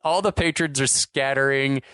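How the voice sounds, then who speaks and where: A man's voice: mid-range voice, steady tone, normal speed, pushed and bright, smooth, no room sound, studio quality. A man co-hosting a podcast, casually retelling movie scenes and quoting lines with easy laughs. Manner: laid-back, retells scenes with quoted lines, laughs often. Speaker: podcast co-host. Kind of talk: casual movie recap chat.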